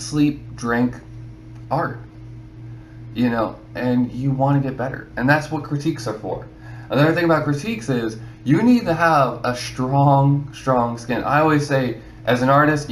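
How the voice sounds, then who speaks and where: A man's voice: mid-range voice, expressive, moderate pace, reverberant, slight background noise, rough recording. A man giving casual advice to other artists, rambling and filling his talk with "you know". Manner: rambling, repeats himself, many "you know"s.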